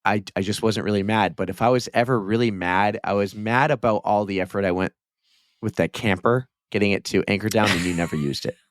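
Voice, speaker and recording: A man's voice: on the low side, brisk, dry recording, clean studio sound. A man co-hosting a running podcast, talking in a loose, rambling way. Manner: rambling, restarts and jokes. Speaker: podcast co-host. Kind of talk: casual chat.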